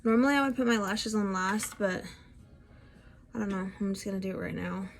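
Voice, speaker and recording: A woman's voice: mid-range voice, a little fast. A young woman, heavily pregnant and out of breath, chatting casually at home while she does her makeup for the camera. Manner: chatty and self-deprecating, with frequent sighs. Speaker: beauty vlogger. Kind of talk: casual makeup tutorial chat.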